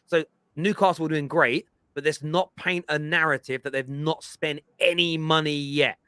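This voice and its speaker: A man hosts a football fan chat with a bright, forceful voice that sits a little high. He lectures and stresses his points with energy, and the close microphone sounds dry and present. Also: normal speed, clear, resonant tone, no room sound. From England. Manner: emphatic, lecturing, animated. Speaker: football fan show host.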